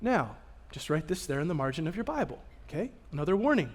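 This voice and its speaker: Man, pastor, sermon, fairly high voice, lively storytelling, loud then hushed. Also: fast, breathy edge. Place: church sanctuary.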